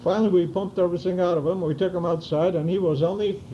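A man's voice: high voice, steady tone, quick pace, lo-fi sound, slight background noise. An older man in an oral history interview, telling his memories vividly and acting out the dialogue. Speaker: interviewee recounting wartime memories.

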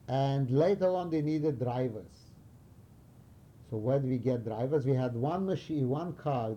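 Older man from Romania for an oral history interview: dark mellow voice, searches for words as he tells his stories. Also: mid-range voice, dull audio, slight background noise. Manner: halting, searching for words, animated storytelling. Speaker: interviewee recalling wartime past.

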